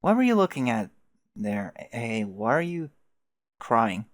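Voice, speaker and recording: A man voicing a cheerful, excitable teenage boy who talks eagerly and loudly. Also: mid-range voice, measured pace, no echo, studio quality.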